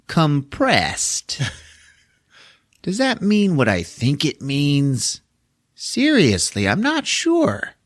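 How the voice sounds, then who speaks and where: A man voicing a gleeful, mocking murderous male doll in a high, sneering tone, retelling a horror film on a podcast. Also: huge pitch swings, very slow, no room sound, studio quality, full character voice. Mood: puzzled. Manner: high-pitched, sneering and jokey.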